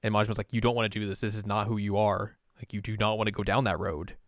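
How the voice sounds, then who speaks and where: A man's voice: lowish voice, little pitch movement, fast, dry recording, clean studio sound. A male podcast co-host casually recapping a game's plot, scattered with "like" and restarts. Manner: rambling recap full of "like" fillers. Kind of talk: casual chat recapping a video game story.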